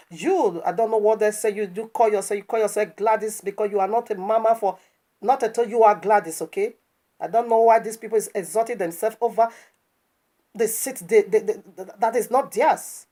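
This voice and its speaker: A woman's voice: a little high, lively intonation, fairly quick, darkish tone. A woman preaching online in an impassioned, scolding commentary that is full of rhetorical questions and stammered restarts.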